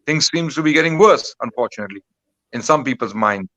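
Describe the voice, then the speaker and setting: A man's voice: mid-range voice, lively intonation, a little fast, fairly bright tone, no echo, rough recording. Indignant man firing rhetorical questions. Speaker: guest commentator. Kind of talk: impassioned commentary.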